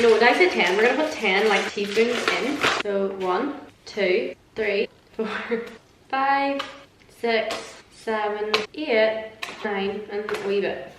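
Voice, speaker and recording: A young Irish woman vlogging casually while she cooks at home, talking in a chatty, self-mocking way and swearing freely. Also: fairly high pitch. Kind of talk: casual cooking vlog chat. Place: home kitchen. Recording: echoey kitchen with background noise.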